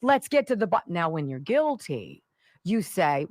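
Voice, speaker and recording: Sarcastic, animated woman talk radio host. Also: fairly low pitch, measured pace, no echo. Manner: sarcastic, combative, mocking. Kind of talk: opinionated talk radio monologue.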